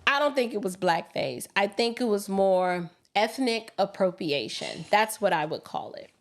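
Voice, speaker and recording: A woman's voice: medium pitch, lively intonation, a little slow. A woman hosting a political commentary livestream, colloquial and emphatic, often mimicking others in quoted asides. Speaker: livestream host.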